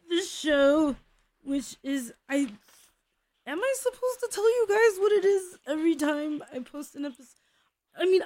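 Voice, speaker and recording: A woman's voice: a little high, darkish tone. A young woman hosting a small radio show, rambling in a scattered, self-deprecating comedic monologue and laughing often.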